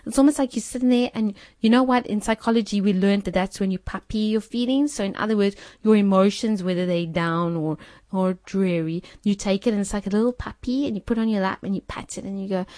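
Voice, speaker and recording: A woman's voice: medium pitch, brisk, a little mellow, no room sound. A woman giving an earnest, casual spoken faith teaching, repeating phrases and acting out inner voices. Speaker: co-host of an online prayer meeting.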